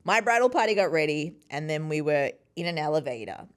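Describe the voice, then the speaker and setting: A woman in her thirties speaking as a podcast guest, with a slightly low voice that swings widely in pitch. She tells stories casually and acts out quoted voices with a lot of animation. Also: lively intonation, brisk. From Sri Lankan family. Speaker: podcast host and interview guest. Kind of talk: casual conversational storytelling.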